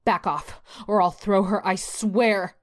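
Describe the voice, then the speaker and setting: A woman's voice: medium pitch, unhurried, dark tone, pitched above the performer's own voice, natural voice. A woman voicing a frantic, paranoid woman on the edge. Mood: defiant. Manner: desperate, paranoid pleading. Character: frantic deluded woman nurse, mid-breakdown. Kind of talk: dramatic story reading.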